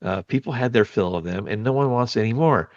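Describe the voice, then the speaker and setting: A man's voice: lowish voice, a little fast, no room sound, dull audio. A man co-hosting a podcast, casually chatting with an opinionated, grumbling, sarcastic manner. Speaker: podcast co-host. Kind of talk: casual chat.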